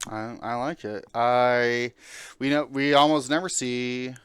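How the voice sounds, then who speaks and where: A man's voice: medium pitch, level tone, takes it slowly, fairly bright tone, clean tone, no echo, studio quality. A man hosting a casual podcast, talking through game lists with many fillers. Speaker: podcast host.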